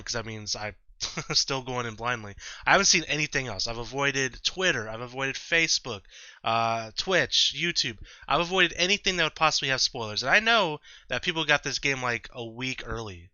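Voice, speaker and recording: A man hosting a video game playthrough, chatty and rambling, who often stops to restart his sentences. His voice is very bright and tense. The recording is dry, on a slightly dull, lo-fi mic. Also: mid-range voice, clean tone, no echo. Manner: rambling, self-correcting, chatty. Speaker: let's-play host. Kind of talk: casual gameplay commentary.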